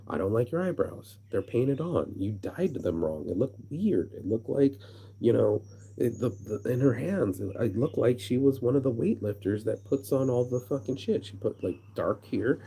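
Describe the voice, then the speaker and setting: A man's voice: lowish voice, mellow, slight background noise. A man with an American accent ranting casually to camera from a hammock outdoors, profane and rambling, stumbling and repeating words as he gets worked up. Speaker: vlogger.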